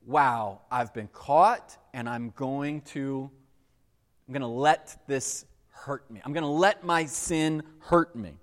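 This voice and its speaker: A man's voice: mid-range voice, slow, natural voice. A man voicing a rash, self-serving biblical king, who talks in breezy modern slang during a sermon. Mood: remorseful. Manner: breezy casual modern talk. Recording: echoey hall with long reverb.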